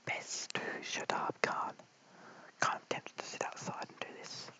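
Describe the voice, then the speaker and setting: An Australian man giving whispered cricket commentary late at night at home, mic held very close, hushed and apologetic as he chats with viewers. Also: unhurried, rough recording. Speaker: live stream cricket commentator. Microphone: held very close to the mouth.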